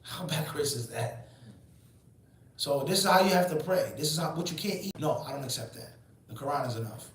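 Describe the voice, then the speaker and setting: Man, forties, religious teacher, emphatic, rhetorical questions, fairly high voice, very echoey room, distant mic. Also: expressive, fairly quick, fairly bright tone, a little hiss or hum. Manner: asks rhetorical questions and answers them; emphatic and preachy. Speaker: Islamic teacher. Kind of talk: lecture.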